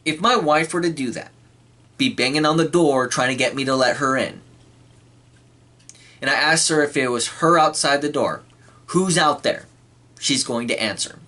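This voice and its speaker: A man giving a casual spoken film review, clearing his throat often and acting out quoted lines. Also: mid-range voice, bright, forceful tone. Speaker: movie reviewer.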